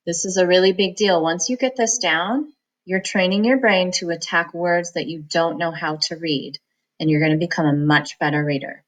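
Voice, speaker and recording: Bright-voiced woman teaching phonics. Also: lowish voice, low-quality recording. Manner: slow, patient, encouraging, breaks words into sounds. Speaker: reading teacher. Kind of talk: phonics lesson, sounding out syllables.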